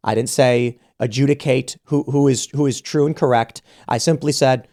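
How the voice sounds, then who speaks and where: A male podcast host tells a story in casual conversation, acting out the quoted exchanges and often restarting his sentences. His mid-range voice is darkish, with fairly even intonation at normal speed.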